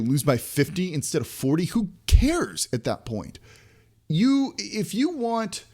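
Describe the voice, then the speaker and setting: A man's voice: high voice, huge pitch swings, measured pace, warm tone. A man hosting a sports podcast, ranting in exasperation with many restarts and rhetorical questions. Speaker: podcast host. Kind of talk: frustrated sports podcast rant.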